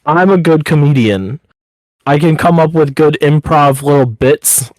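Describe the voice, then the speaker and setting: A man's voice: fairly high pitch, a little slow, darkish tone, no echo. A man co-hosting a podcast in a casual chat, talking in loose rambling runs full of 'like'. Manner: rambling, upbeat, heavy use of 'like'. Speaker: podcast co-host.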